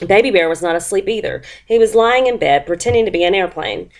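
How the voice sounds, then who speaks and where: A woman, sniffly from a cold, presents a first-grade lesson plan and reads a picture book aloud slowly, with voices and sound effects. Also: on the low side, vocal fry.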